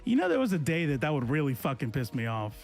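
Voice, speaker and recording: A man's voice: on the high side, big pitch swings, quick pace, faint music behind. A man in his forties, a political streamer, ranting to his chat in a confrontational, sarcastic way. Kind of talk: casual livestream rant to chat.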